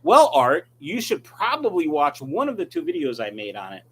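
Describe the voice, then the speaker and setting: This middle-aged fish-breeding YouTuber answers his live chat in a loose, rambling way, reading viewers' comments aloud. His voice is on the high side and fairly bright, with wildly swooping pitch at normal speed, and there's a little hiss or hum.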